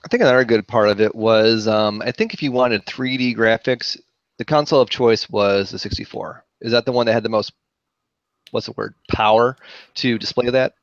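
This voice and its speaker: A man's voice: fairly low pitch, steady tone, moderate pace, no echo. Hesitant man with muffled podcast sound. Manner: hesitant, many fillers, trails off. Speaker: podcast co-host. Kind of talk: casual chat. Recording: dull, muffled podcast audio.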